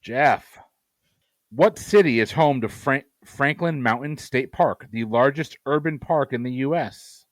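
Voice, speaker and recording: A man's voice: medium pitch, unhurried, no echo. A man hosting a trivia game, reading questions and teasing the players with dry humor. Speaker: trivia quizmaster.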